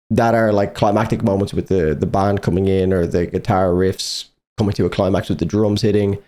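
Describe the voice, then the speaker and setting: Brief: male reaction host, low mellow voice, candid rambling review chat with casual swearing, slightly slurred speech. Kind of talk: casual album review talk.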